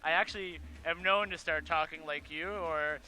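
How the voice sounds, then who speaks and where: A man's voice: a little high, steady tone, normal speed, bright, forceful tone. A man from Canada, a route setter, giving chatty, easygoing expert analysis as co-commentator on a live climbing broadcast.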